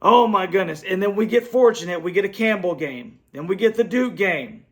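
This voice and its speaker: A sports fan show host with a high-pitched, expressive voice delivers an angry post-game rant at normal speed from his home computer setup. Frustrated after a loss, he speaks bluntly and repeats himself.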